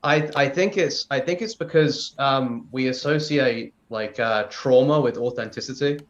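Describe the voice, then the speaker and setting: A man in a casual discussion, speaking haltingly over muffled audio. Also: mid-range voice. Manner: halting, hesitant.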